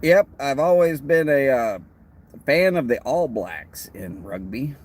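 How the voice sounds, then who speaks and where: With a Texan accent, a male livestream host talks casually and meanderingly while replying to viewer comments. His mid-range voice has lively intonation and moves slowly.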